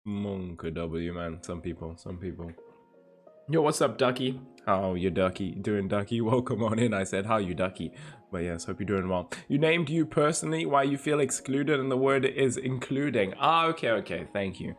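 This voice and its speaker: A man with a fairly low voice chats casually on a livestream, greeting viewers by name and reading their messages aloud. His delivery is relaxed and easygoing. Faint music plays in the background. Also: normal speed. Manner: laid-back, greets viewers by name and reads chat aloud. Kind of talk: casual stream chat.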